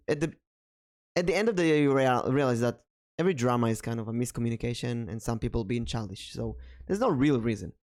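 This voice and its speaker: A man from Israel with an Israeli accent, hosting a casual podcast chat in a thoughtful, hesitant way with many pauses. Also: mid-range voice. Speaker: vtuber podcast host.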